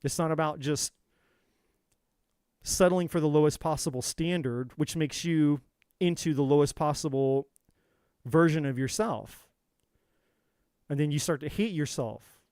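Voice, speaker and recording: A man talks to his viewers as a tarot reader in a fierce, preachy monologue, swearing freely and repeating his lines for force. His voice sits a little high for a man. The sound is close and dry, with almost no room echo. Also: unhurried, pauses often, darkish tone. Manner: intense, profane, preachy, repetitive. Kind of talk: motivational monologue.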